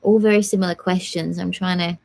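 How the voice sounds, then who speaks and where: A young woman hosts a casual live Q&A from home, talking in a chatty, rambling way full of fillers. Her voice sits a little on the low side. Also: fairly even intonation, a little fast, gravelly, a little mellow. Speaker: live stream host answering viewer questions.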